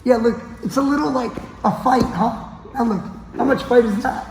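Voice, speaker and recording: A man whose voice is extremely high-pitched demonstrates a grappling technique on the gym mats at a moderate pace, regularly checking in with his partner. The background is noisy, and the echoey gym adds long reverb.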